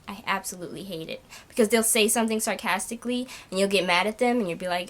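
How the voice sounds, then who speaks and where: A woman's voice: medium pitch, fast, hardly any pauses, fairly bright tone. A young woman ranting casually to camera in a vlog, exasperated and complaining, with many fillers. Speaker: vlogger.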